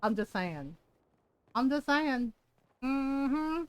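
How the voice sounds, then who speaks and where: Woman streamer, high voice, dry sound, profane rant, mock outrage. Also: big pitch swings, drawn-out words, clear, resonant tone, no room sound. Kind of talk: casual game-stream commentary.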